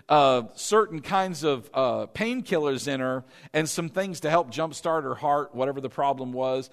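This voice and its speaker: A man preaching a sermon, repeating phrases over and over as he builds emphasis. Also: a little high. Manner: repetitive, building intensity with chanted phrases. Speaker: pastor.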